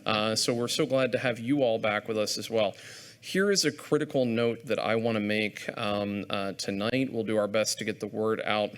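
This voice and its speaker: A man's voice: lowish voice, normal speed, fairly bright tone. A man hosting a live lecture event, making chatty, self-deprecating announcements to an audience in a hall. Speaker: event host and program organizer.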